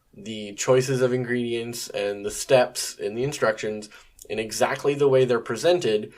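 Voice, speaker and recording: A man hosting a podcast on his own, talking conversationally with frequent fillers and some mild swearing. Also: medium pitch. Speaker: podcast host. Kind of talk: casual solo podcast monologue.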